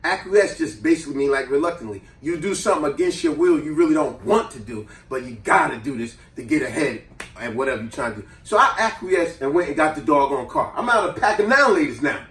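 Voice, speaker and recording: A man hosting a casual chat, telling a childhood story in an animated, slangy way. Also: on the high side, fast talker. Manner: animated, slangy, acts out voices. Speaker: host. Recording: roomy echo, distant mic.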